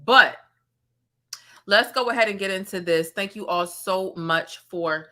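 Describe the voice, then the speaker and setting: Woman commentary host, sassy and animated, bright tone. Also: medium pitch, a little slow. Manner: sassy, animated, talks straight to viewers. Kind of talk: casual gossip commentary.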